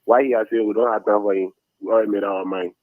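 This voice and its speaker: A man's voice: on the low side, fairly even intonation, fast, no echo. A man calling in to a talk show, firmly declaring his vote. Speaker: caller. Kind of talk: phone-in endorsement. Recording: tinny phone line.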